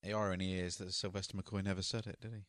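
A man's voice: sits low, level tone, fast, a bit bright, no echo, studio quality. A man co-hosting a podcast, chatting in a playful, jokey way. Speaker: podcast co-host. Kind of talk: casual podcast chat.

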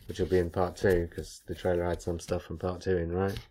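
A man's voice: deep voice, flat delivery, a little fast, dark tone. A man hosting a casual podcast chat, reading out listener messages with his own chatty asides. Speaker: podcast host.

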